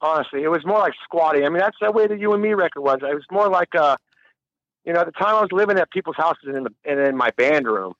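High-voiced man rambling through a story. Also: lively intonation, quick pace, a bit bright, no room sound, highs cut off. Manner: rambling, laughing, swearing freely. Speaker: musician guest. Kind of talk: casual storytelling interview.

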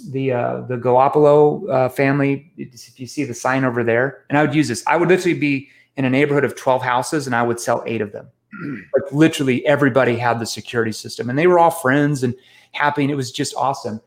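An animated man is telling sales stories as an interview guest, poking fun at himself as he goes. He often restarts his sentences. His voice sits at an ordinary pitch for a man. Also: fast. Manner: animated, self-mocking anecdotes with many restarts. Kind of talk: storytelling in a casual interview.

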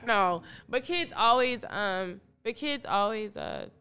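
A woman's voice: medium pitch, very animated, slow pace, bright, forceful tone, clean tone. A young adult woman from Detroit, a podcast guest in casual chat, telling stories animatedly and acting out her own past remarks. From Detroit, Michigan.

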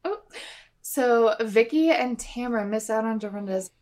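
A woman's voice: fairly high pitch, normal speed, a little mellow. A young woman co-hosting a podcast, recapping a reality show in a chatty, opinionated way and swearing freely. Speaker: podcast co-host. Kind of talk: casual recap chat.

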